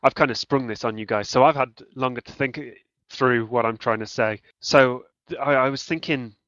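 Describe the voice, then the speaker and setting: A man on a podcast panel discusses video games in a relaxed way, his medium-pitched voice a little bright, evenly intoned and moderately paced. Hesitant, he often abandons a thought and begins again. The recording has no room sound and is dull, dry and lo-fi.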